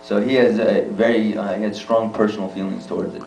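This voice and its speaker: A man's voice: on the low side, steady tone, a little fast, creaky, a little mellow, slight background noise. A middle-aged man, an actor being interviewed, telling jokey, self-deprecating stories at a festival event. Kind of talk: casual anecdotal chat. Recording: echoey room, mic far off, faint music.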